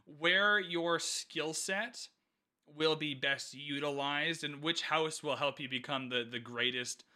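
A man's voice: a little high, slow, pushed and bright. A young man co-hosting a casual book podcast, rambling with lots of fillers and restarts. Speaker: podcast co-host.

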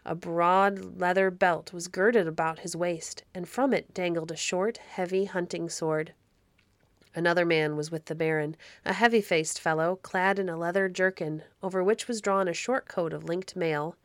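A woman narrating an old storybook in a measured, expressive reading. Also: on the low side, no room sound. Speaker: audiobook narrator.

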